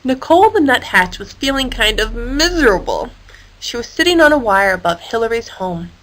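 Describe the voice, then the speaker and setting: A woman reading a children's story aloud in a playful, expressive manner. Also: a little high, normal speed, low-quality recording. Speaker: storyteller for a homeschool course. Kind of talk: storybook read-aloud narration.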